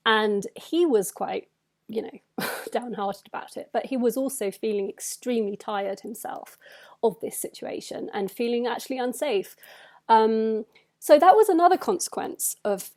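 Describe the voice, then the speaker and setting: Woman writer, reflective monologue, slightly higher voice, measured with frequent pauses. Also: darkish tone. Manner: thoughtful, measured, frequent hesitations. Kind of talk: spoken personal reflection.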